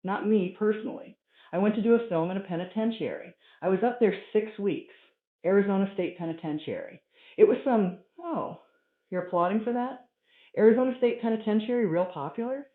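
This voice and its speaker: A man doing a stand-up routine, telling stories in a profane, animated way. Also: high voice, fairly quick. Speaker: stand-up comedian. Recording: tinny, roomy live recording.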